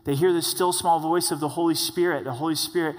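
A male pastor preaching a sermon in a conversational way, slowing down to stress key points. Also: on the high side, fairly even intonation. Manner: conversational, slows for emphasis. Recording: long reverb of a church hall.

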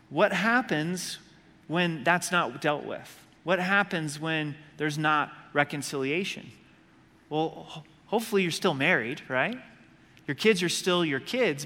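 A man preaching a sermon with a bright, forceful tone and a slightly high voice. He speaks to his congregation in a conversational way, full of rhetorical questions. His voice rings through a hall with a long echo. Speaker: pastor.

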